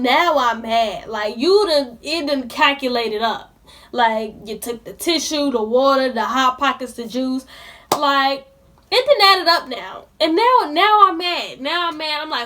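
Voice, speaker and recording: Her voice is high, pushed, and bright as this young woman vents to the camera. It's a storytime vlog, told in everyday slang, full of indignation aimed squarely at her audience.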